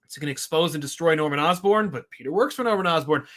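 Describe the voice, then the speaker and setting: Man, podcast co-host, casual comics review, rambling, wry, exasperated, higher-pitched. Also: quick pace, a bit bright.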